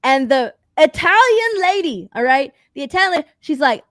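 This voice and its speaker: High-voiced woman excitedly recapping a movie. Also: normal speed, dry recording. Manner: animated, profane, acts out characters' lines. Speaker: podcast co-host. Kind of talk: casual chat recapping a movie.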